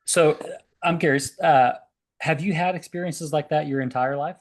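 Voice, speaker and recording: A man's voice: a little high, normal speed. A man hosting a podcast, asking the guest short, curious questions. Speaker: podcast host. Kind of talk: interview questions.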